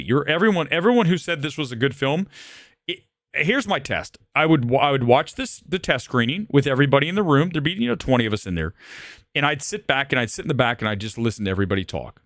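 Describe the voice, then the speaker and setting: A man's voice: mid-range voice, lively intonation, fast, fairly bright tone, no room sound, studio quality. A man hosting a movie review livestream, ranting in a combative, profane and self-assured way.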